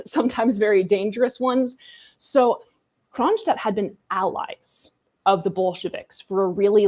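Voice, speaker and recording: A woman's voice: medium pitch, a little mellow. A woman co-hosting a casual history discussion, chatty and irreverent, with sarcastic asides. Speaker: co-host.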